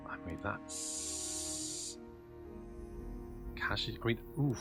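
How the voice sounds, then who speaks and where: A man's voice: medium pitch, animated, unhurried, long pauses, over music. A man commentating his own strategy game play, thinking aloud and muttering asides as he goes. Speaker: gameplay commentator.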